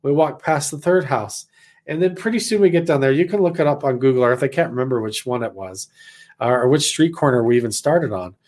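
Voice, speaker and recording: A man's voice: medium pitch, brisk. Rambling man from Idaho telling a story. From Idaho, USA. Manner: animated, rambling, heavy on "like" fillers. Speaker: storyteller, former missionary. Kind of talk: casual personal storytelling.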